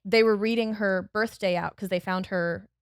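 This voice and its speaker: A woman on a podcast telling a dramatic story in a casual, animated way, laughing as she goes. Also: mid-range voice, normal speed, smooth, no room sound, clean studio sound. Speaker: podcast guest.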